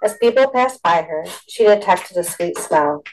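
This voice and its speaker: A woman reading a story aloud in a steady, expressive narration. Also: on the low side, moderate pace, a little hiss or hum, rough recording.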